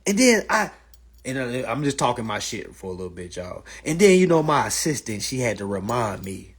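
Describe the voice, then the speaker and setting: Husky guy with aave ranting on his phone live, voice jumps all over high and low. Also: moderate pace. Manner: animated, profane, mimics others' voices. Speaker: livestream host. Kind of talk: casual livestream rant. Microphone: phone livestream.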